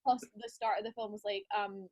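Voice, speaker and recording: A woman's voice: mid-range voice, steady tone, brisk, darkish tone. A woman hosting a podcast, chatting enthusiastically and sharing her own anecdotes in a casual conversation. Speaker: podcast host.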